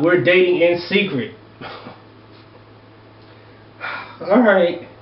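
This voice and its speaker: A man hosting an advice show, reading viewer letters aloud and breaking into loud, exasperated, profane rants. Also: high-pitched, distant mic. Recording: echoey room, dull lo-fi sound.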